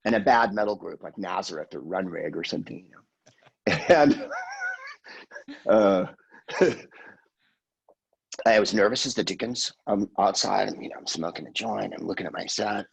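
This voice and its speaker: A husky man in his sixties, talking as a podcast guest in a fairly low voice. He rambles through profane stories and drops into quick impressions of the people he quotes. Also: expressive, poor audio. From California, USA. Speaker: guest comedian. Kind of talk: casual podcast chat.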